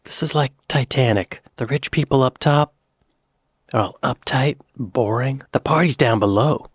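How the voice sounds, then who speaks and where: A man's voice: mid-range voice, normal speed, breathy edge, no echo, studio quality. An American man hosting a reaction video, making loose, joking asides as he watches. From United States. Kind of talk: casual reaction commentary.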